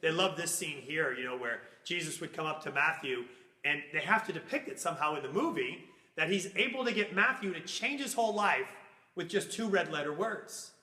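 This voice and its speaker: A man teaching a Bible class, animated and acting out little scenes in funny voices as he explains. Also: a little high, fairly quick, reverberant.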